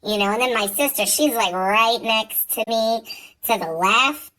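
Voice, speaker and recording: A woman's voice: a little high, a little slow, pushed and bright, low-quality recording. A woman vlogger telling a story in a chatty, profane way, full of fillers and asides. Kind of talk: casual storytime vlog.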